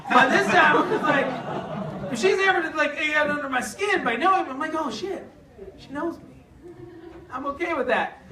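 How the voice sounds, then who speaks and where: A young man doing a stand-up comedy set, laughing through his jokes and breaking into loud shouts. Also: very high-pitched, brisk. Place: comedy club stage before a live audience. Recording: echoey room from far off, loud crowd and noise. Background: audience laughter and room noise.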